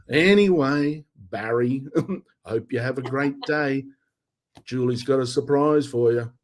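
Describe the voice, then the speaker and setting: A man putting on a weary, thousands-of-years-old male Cupid who sighs and talks deadpan. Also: medium pitch, takes it slowly, natural voice. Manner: tired, sighing, deadpan.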